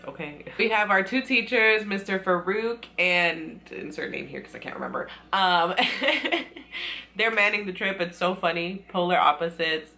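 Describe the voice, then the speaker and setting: A chatty young woman with a slightly low voice, recapping a series to the camera. She giggles a lot and slips into quick voices to act out what the characters say. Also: sharp tone. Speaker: TV recap vlogger. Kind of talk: casual recap chat.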